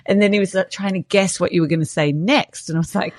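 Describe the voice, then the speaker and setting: Woman host, slightly low voice, giggly storyteller, dry close mic. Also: fast talker, few pauses, no echo. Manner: warm, laughing often, anecdotal. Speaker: podcast host. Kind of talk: casual conversational interview.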